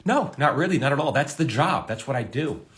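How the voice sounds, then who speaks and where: A middle-aged man, a TV comedy writer, answering a viewer's question in a casual, lively way, with his pitch jumping up for emphasis. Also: a little fast. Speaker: TV comedy writer giving advice.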